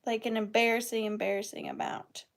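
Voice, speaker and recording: A woman's voice: fairly high pitch, flat delivery, a little fast, vocal fry. A woman hosting a live online vintage sale, chatting casually and rambling with playful wordplay. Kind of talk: casual live-stream chat.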